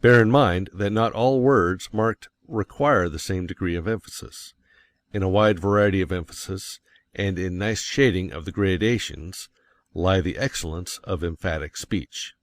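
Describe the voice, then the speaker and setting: Low-pitched guy reading an audiobook, slow and deliberate, dry sound. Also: dry recording. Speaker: audiobook reader. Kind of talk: scripted audiobook narration.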